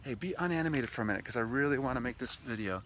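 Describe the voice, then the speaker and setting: A man's voice: mid-range voice, animated, very fast, fairly bright tone, slight background noise. A man casually vlogging outdoors near the water, chatty and enthusiastic, telling stories as he gives sales tips. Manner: chatty, enthusiastic, talks to his dog mid-video. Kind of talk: casual outdoor vlog monologue. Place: outdoors by a lakeshore with lapping waves.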